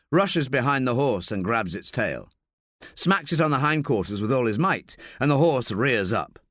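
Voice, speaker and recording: A man's voice: medium pitch, no echo, clean studio sound. A man narrating a tense thriller audiobook in a dramatic reading style. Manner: dramatic, voices shouted dialogue.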